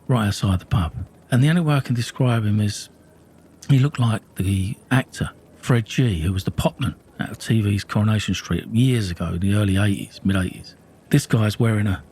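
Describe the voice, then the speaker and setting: A man's voice: lowish voice, darkish tone, slight background noise. A middle-aged man telling a raw first-person true-crime story, blunt and intense, with heavy swearing.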